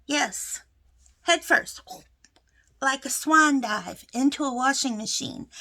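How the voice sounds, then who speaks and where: Middle-aged crochet vlogger lady, slow easygoing talk, laughs a lot, chatty asides. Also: sits high, a bit bright. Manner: chatty storyteller, laughs often, folksy asides. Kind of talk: casual chat to camera.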